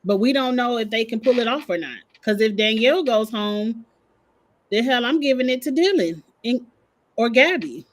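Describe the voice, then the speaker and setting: Woman co-host, a bit high-pitched, easygoing, chatty speculation. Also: animated, moderate pace. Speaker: podcast co-host. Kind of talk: casual chat.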